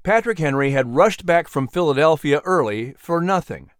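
A man narrating a scripted historical story in a measured storytelling way. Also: fairly high pitch, lively intonation, clean tone, dry recording, clean studio sound.

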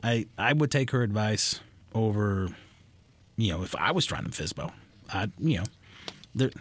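Husky-voiced male radio host. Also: on the low side, lively intonation, normal speed. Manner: chatty, joking, loose with restarts. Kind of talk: casual talk radio chat.

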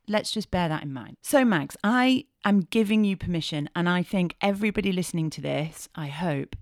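A woman host in her thirties talking frankly on her podcast, swearing freely and swinging between hushed asides and animated bursts. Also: on the low side, no echo, clean studio sound. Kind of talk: candid podcast monologue.

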